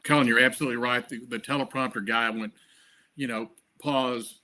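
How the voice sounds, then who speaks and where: Casual: guy spinning stories in an interview, bright forward voice, rambly, lots of uhs. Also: mid-range voice, steady tone, fast. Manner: chatty, filler-heavy with repeated restarts. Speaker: guest, comedy award producer. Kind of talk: anecdotal storytelling interview.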